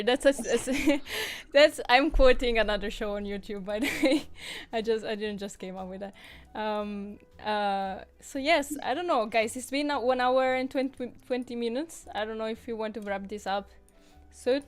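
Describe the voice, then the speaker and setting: A woman's voice: on the high side, moderate pace, clear, resonant tone. A woman with an Italian accent, co-hosting a casual online chat show and laughing often as she talks. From Italy. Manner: chatty, laughs often, many restarts. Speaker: podcast co-host.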